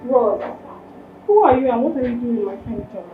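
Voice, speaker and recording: An actress plays a protective, blunt Nigerian woman who questions and exclaims. Her voice is very high and animated. The sound is dull. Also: moderate pace, slight background noise, lightly acted. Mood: shocked. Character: protective female friend, suspicious and blunt.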